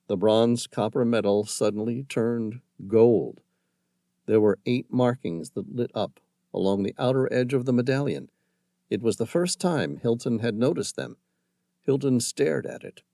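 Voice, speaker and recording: A man narrating an action thriller audiobook in a dramatic, measured storytelling manner, close to the mic. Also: fairly low pitch, gravelly, dark tone, dry recording. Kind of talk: scripted narration.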